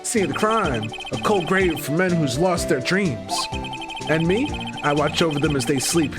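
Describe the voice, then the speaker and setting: A streamer voicing a gruff, moody cowboy patrolman in a slow, low Western drawl, reading game dialogue aloud. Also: animated, close to an everyday voice. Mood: brooding. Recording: game music playing behind.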